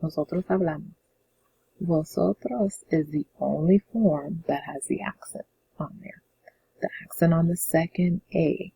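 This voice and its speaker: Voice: mid-range voice, creaky, highs cut off, a little hiss or hum. A Spanish teacher explaining a lesson step by step in a patient, repetitive way, often checking in with "okay?". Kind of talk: classroom-style lesson explanation.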